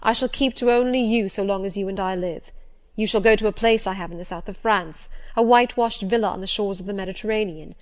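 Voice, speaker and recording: A woman voicing a vehement, pleading gentleman. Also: medium pitch, a little fast, close to an everyday voice. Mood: insistent. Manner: pleading and vehement, louder than the narration. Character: passionate, agitated middle-aged gentleman. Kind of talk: audiobook character voice.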